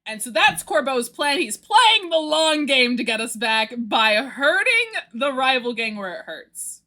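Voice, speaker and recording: A young woman streamer chatting casually, gushing excitedly about a story she loves and laughing often. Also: high voice, a little slow. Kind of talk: casual chat recapping a story.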